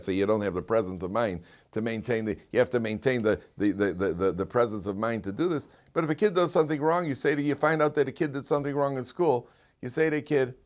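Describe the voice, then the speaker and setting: A man, a rabbi, giving an informal Torah class to listeners, joking and often restarting his sentences. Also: medium pitch. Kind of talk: conversational Torah lecture with stories.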